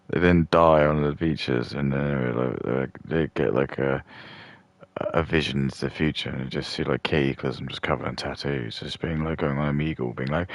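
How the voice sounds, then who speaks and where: Brief: man, extremely low, crackly voice, dry sound, crude rambling rant. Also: gravelly, no room sound. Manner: rambling, crude, with many restarts and fillers. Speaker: streamer. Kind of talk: mock rant commentary.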